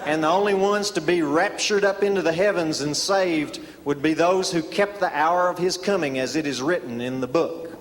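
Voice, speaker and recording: A man telling a folksy tall tale as stand-up comedy, deadpan, with many drawn-out "uh"s. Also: on the high side, a faint crowd. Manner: deadpan folksy storyteller with filler "uh"s. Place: live comedy stage before an audience. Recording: reverberant live hall, audience laughter.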